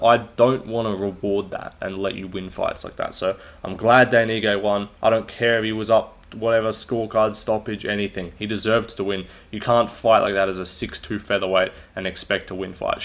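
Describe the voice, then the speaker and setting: A young man with a somewhat low voice talks through fight results on his own. He is blunt and profane, and he mocks the fighters he dislikes in a loose, off-the-cuff way. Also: fairly bright tone. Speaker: MMA commentator and channel host. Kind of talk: casual solo fight recap.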